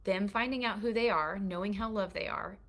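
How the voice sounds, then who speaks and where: A woman's voice: medium pitch, fairly quick, a bit bright. A middle-aged woman teaching a course for mothers, earnest and confessional, checking in with her listeners as she shares her faith. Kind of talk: heartfelt faith-based teaching to a live online group.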